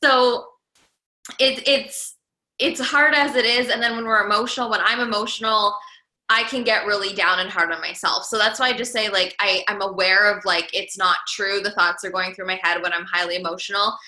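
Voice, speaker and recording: A woman's voice: medium pitch, steady tone, normal speed, sharp tone, echoey room, poor audio. A woman entrepreneur and coach talking casually as a podcast guest, full of "like"s and restarts. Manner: chatty, many "like"s and restarts.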